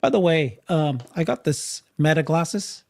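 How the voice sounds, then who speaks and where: A man co-hosting a podcast, talking in a casual, animated way, often laughing and restarting his sentences. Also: on the high side, unhurried, vocal fry. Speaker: podcast co-host. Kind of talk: casual panel chat.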